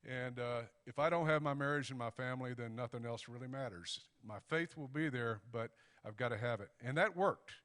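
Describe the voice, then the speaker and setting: A middle-aged man tells an anecdote to a club audience in a relaxed, folksy way. He acts out both sides of old conversations as he goes. His voice carries a long, reverberant hall tail. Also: mid-range voice, brisk. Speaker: guest speaker. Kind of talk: storytelling speech. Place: banquet hall.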